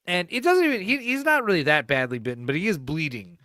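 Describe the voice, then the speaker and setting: A young man co-hosting a podcast fires off rambling, profane stories in casual chat, often laughing and acting out what people said. He's a fast talker with a slightly high voice, lively intonation, and a bright, forceful tone. The recording is dry and studio quality.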